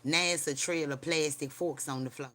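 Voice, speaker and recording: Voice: mid-range voice, fairly even intonation, normal speed, fairly bright tone. Rambling livestream host preaching and storytelling from home, slangy, cussing a lot, keeps asking if ya hear them.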